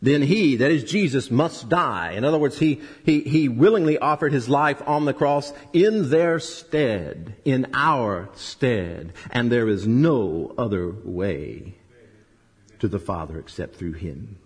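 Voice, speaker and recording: Preacher guy with a husky voice, swings loud then hushed, long echo like a church hall. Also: lively intonation, slow pace. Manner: emphatic, rising and dropping in pitch and volume, rhetorical questions. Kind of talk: sermon.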